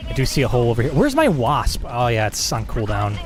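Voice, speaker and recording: A man's voice: medium pitch, huge pitch swings, quick pace, over music. Game streamer, a man, chatty and profane, voice swinging up and down, half-laughing complaints. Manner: chatty, laughing, swears a lot, mock-outraged. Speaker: gaming live streamer. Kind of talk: casual gameplay commentary.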